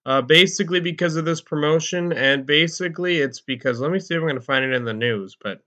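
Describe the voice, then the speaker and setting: A man with a slightly higher voice recaps a wrestling management game as casual commentary. He rambles, fills gaps with "uh" and corrects himself mid-sentence. The recording sounds muffled and lo-fi. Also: quick pace, sharp tone. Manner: rambling, many fillers and self-corrections. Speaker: let's-play commentator.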